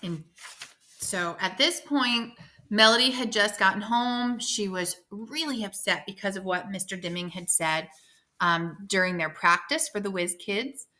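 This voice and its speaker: A woman teacher speaks to her fifth grade class, encouraging and instructive as she sets up a read-aloud. Her voice is bright and clear, and she often speeds into quick asides. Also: mid-range voice. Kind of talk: reading a novel aloud to a class.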